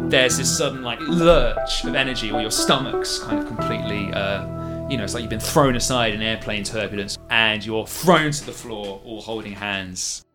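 Halting man narrating a fantasy game. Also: mid-range voice. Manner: descriptive, halting with fillers. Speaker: game master. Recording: music playing behind.

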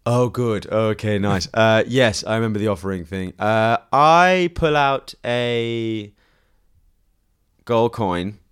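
A man in a tabletop game session with a lowish voice. He talks casually, laughing often and stumbling through fillers as he describes his character's actions. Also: slow, clear, resonant tone. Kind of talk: casual chat.

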